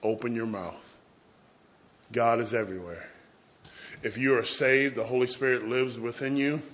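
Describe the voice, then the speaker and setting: Man preaching with hushed-to-loud swings. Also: mid-range voice, steady tone, normal speed. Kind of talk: sermon.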